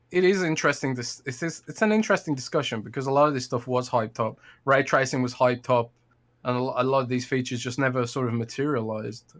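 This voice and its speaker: A man's voice: medium pitch, fairly bright tone. Hedging man co-hosting a podcast. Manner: thoughtful, hedging, trails off with "blah, blah". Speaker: podcast co-host. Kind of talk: casual podcast chat.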